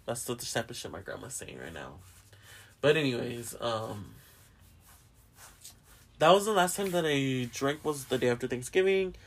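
A man's voice: mid-range voice, animated, normal speed, vocal fry, long pauses, a bit bright. A young man hosting a podcast in casual chat, rambling and swearing a lot and often laughing. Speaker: podcast host.

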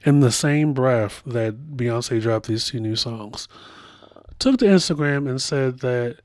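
A man hosts a pop culture podcast in an unhurried, drawn-out delivery. His voice sits in a middle register, and he colors his stories with playful impressions. The sound is dry and close. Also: mid-range voice, dry recording. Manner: animated storytelling with playful impressions. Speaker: podcast host. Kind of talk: casual pop culture commentary.

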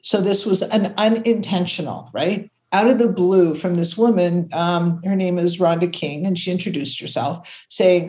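An older woman from Canada, a creativity consultant, telling stories in an animated, conversational way and acting out the voices she quotes. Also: measured pace. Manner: expressive, acts out quotes, jumps to high pitch when excited.

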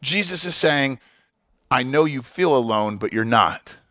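A man's voice: mid-range voice, animated, unhurried, pushed and bright, no echo, studio quality. A man preaching a sermon as pastor, emphatic, often restarting his words.

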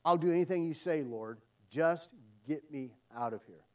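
A man voicing a panicked man clinging to a branch on a cliff, yelling and pleading for help. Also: fairly high pitch, moderate pace, recorded from a distance, lightly acted.

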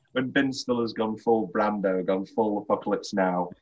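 A man's voice: on the low side, measured pace, darkish tone, dull audio. A man co-hosting a casual film podcast, laughing often and acting out lines from the movie. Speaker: podcast co-host.

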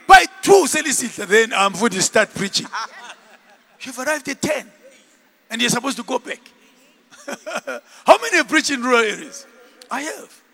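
A man preaching a sermon, animated, shouting and laughing with the congregation. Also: very high-pitched, vocal fry. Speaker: pastor. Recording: long hall reverb.

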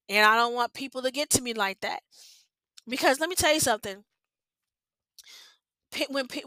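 Woman host, heartfelt devotional monologue, fairly high voice, emotional and insistent. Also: sharp tone, clean tone, no echo. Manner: earnest, repetitive, emotional, close to tears. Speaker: podcast host. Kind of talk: personal devotional talk.

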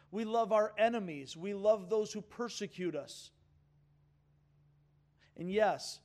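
A man preaching with a high, clear-pitched voice and slow, deliberate pacing. He is earnest and emphatic, and he draws the congregation into call-and-response. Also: a little mellow. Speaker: pastor. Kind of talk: sermon.

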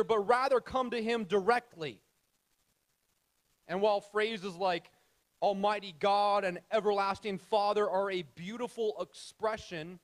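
A man preaching a sermon, emphatic and direct with his listeners, repeating key phrases and dropping to a soft hush. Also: sits high. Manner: addresses the audience directly with questions. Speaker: pastor.

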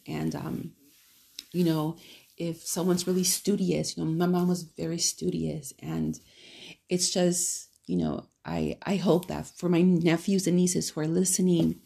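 A woman's voice: low-pitched, creaky, dark tone, husky. A woman hosting her own podcast in a casual solo monologue, speaking lovingly and rambling with many fillers and restarts. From California. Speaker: podcast host.

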